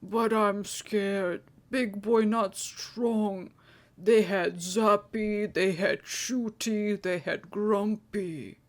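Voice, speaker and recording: A woman voicing a huge, childlike male hill giant who cries easily and talks in broken, simple words. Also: medium pitch. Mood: tearful, simple. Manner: broken simple speech, slow.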